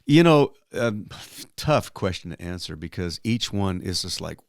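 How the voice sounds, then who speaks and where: An older man, a guest entertainer, telling stories in a relaxed interview and jumping into high excited voices for the people he quotes. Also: unhurried, gravelly, no room sound, studio quality. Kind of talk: relaxed storytelling in a podcast interview.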